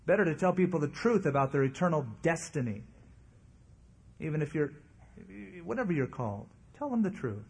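Male pastor, sermon, earnest, emphatic, husky, somewhat high voice. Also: very animated, a little fast, a little mellow.

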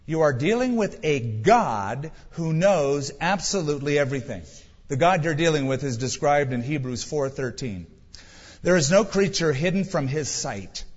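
With a fairly high, slightly rough and expressive voice, this middle-aged pastor moves at a moderate pace through a conversational sermon laced with wry humor. The sound is dull and carries a long hall reverb.

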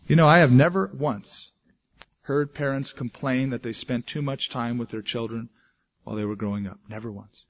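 A male pastor preaching a sermon, moving between loud, emphatic declarations and quiet, hushed asides. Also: mid-range voice, normal speed, muffled recording.

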